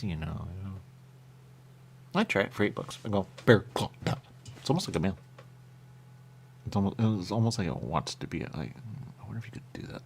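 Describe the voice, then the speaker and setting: A man with a deep, creaky voice hosts a radio show, rambling playfully through casual chat as he tastes pastries and jumps from one thought to the next. There's slight background noise.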